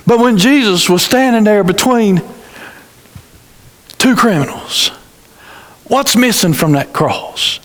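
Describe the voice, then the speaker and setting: In a church sanctuary with a reverberant hall sound, a male pastor preaches, telling a dramatic story while repeating phrases and restarting his words. His voice is high-pitched and a bit bright, with lively intonation, a slow pace, and frequent pauses.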